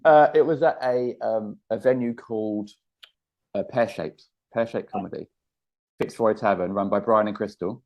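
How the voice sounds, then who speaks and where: A man, a comedian guest telling stories in a casual interview, animated and laughing often. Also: fairly low pitch, normal speed, dull audio. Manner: animated storyteller, laughs often, acts out quotes.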